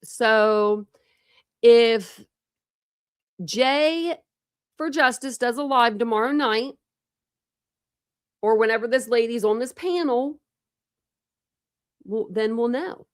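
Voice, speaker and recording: Rambling high-voiced woman streamer. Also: slow pace, long pauses, no echo, studio quality. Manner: rambling, filler-heavy, talks to chat. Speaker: true crime streamer. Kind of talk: casual live-stream chat.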